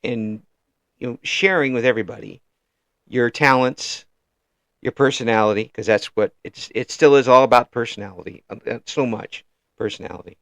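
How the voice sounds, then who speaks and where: A man from Illinois with a Midwestern American accent, hosting a casual interview and talking in halting, restarting phrases with frequent chuckles. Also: mid-range voice, a bit bright, no room sound. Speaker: interview host.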